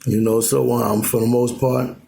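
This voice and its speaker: Gravelly rambling male vlogger. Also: medium pitch, flat delivery, moderate pace, warm tone. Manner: loose, repetitive, full of "you know what I'm saying". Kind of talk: rambling casual monologue. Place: at home in Alaska.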